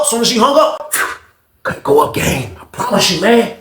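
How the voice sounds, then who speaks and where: A man telling a story in a casual, animated way, full of slang, talking straight to his listeners. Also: high-pitched, normal speed. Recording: roomy echo.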